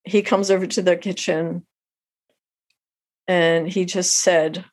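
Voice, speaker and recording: A middle-aged woman tells an emotional personal story as an interview guest, halting and heartfelt, often restarting her sentences. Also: lowish voice, steady tone, a little mellow.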